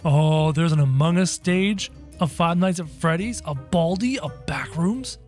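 A man playing a brash, cocky cartoon rabbit jester, chatting excitably through a game and yelping when scared. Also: a little high, unhurried, faint music behind, close to an everyday voice. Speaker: gaming YouTuber playing in character. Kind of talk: in-character gameplay commentary.

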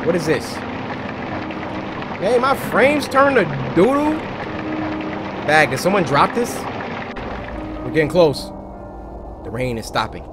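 A man commentating a horror game, muttering low and quiet as he explores, then shouting in a panic when scared. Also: sing-song, slow pace, pauses often, music in the background, rough recording. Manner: hushed low muttering that breaks into loud panicked yelling. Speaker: gaming YouTuber.

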